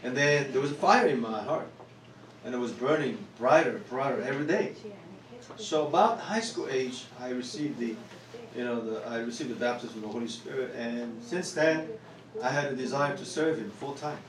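A man with a Korean accent, a pastor preaching a sermon in an earnest, repetitive way that builds to loud exclamations. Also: mid-range voice, moderate pace, a crowd in the background. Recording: roomy church hall, distant mic.

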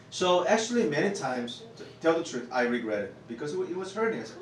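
A pastor with a Korean accent preaches a sermon, earnest and repetitive, his fairly high voice swelling into loud exclamations. The sound is roomy and caught from a distance in the hall. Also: big pitch swings, quick pace, hardly any pauses, a crowd in the background.

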